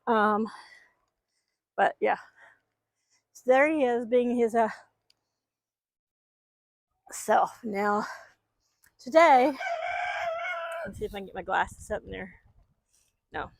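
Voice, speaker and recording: A woman's voice: on the high side, takes it slowly, gravelly, pauses often, no room sound. Chatty woman rambling in her chicken yard. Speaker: backyard chicken keeper. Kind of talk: casual vlog chat. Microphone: microphone.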